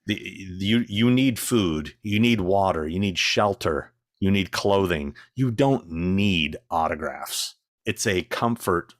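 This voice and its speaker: A middle-aged man with a very low voice tells stories in a blunt, exasperated way. He is recorded close and dry, with no room sound. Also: animated, slow pace, no echo. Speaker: guest. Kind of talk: casual anecdote telling.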